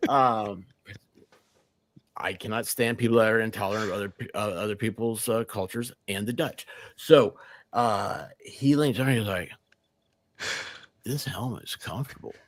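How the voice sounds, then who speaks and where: A man's voice: fairly low pitch, normal speed, no room sound. A man co-hosting a casual livestream, rambling through anecdotes and acting out quoted lines while laughing mid-sentence. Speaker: livestream co-host. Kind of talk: casual storytelling chat.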